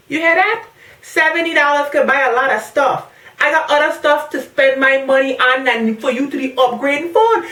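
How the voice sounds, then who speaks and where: A young woman from the Caribbean vents in a sassy, animated way, her voice a touch high. She sounds set back from the mic, in an echoey room. She is pregnant and chatting casually to her viewers. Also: a little fast, distant mic. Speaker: vlogger. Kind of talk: casual rant to camera.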